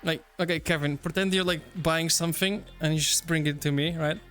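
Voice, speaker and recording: Guy from portugal streaming, high voice, swears a lot and acts out stories, game music under it. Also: fairly quick. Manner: animated storytelling, swears, acts out quotes. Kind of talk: casual chat while gaming.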